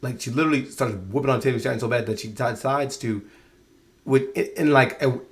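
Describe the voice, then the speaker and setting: A man's voice: medium pitch, fairly quick. A man giving a casual spoken review of a show, exasperated and rambling, often restarting his sentences.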